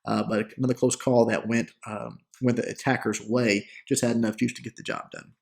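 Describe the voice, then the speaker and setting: A young man talks through gameplay footage in a relaxed, rambling way, often pausing on "uh" and restarting his sentences. His voice sits at a middling pitch with a gravelly edge. It sounds like a casual voice-over recorded at a desk mic. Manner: relaxed, chatty, frequent "uh" and restarts. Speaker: gaming channel host.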